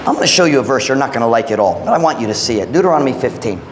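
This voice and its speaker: A man's voice: mid-range voice, expressive, racing. A man preaching a sermon as pastor, speaking emphatically and quizzing the congregation with direct questions. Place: church hall. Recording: echoey church hall with long reverb, faint noise.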